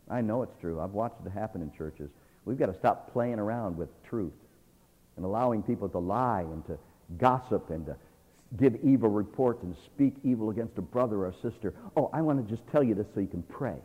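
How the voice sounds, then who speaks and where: A male preacher exhorting a church, moving between quiet asides and loud, emphatic passages. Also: lowish voice, animated, fairly quick. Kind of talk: sermon. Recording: tinny phone-like sound with long reverb.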